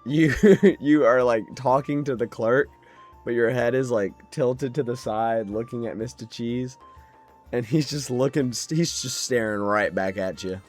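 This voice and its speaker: A man's voice: mid-range voice, a little slow, darkish tone, faint music behind. A man narrating as game master in a laid-back way, chuckling and using many fillers.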